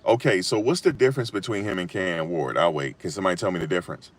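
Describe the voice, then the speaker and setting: A man giving casual, emphatic sports talk on a live stream, repeating his points and rising to loud peaks. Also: sits low, fast talker. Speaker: sports commentator.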